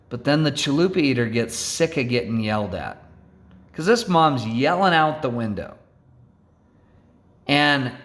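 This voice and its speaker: A man telling a road-rage story to an audience in an animated, theatrical way, often checking in with "right?" and "okay?". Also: on the high side. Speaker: storyteller speaker.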